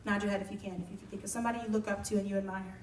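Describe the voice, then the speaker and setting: This singer-songwriter and music therapist has a mid-range voice with fairly even intonation, and she races along, talking softly and casually to campers between songs and saying "y'all." It's a live performance in a camp room, captured roomy on a distant mic with loud guitar playing and a little hiss or hum.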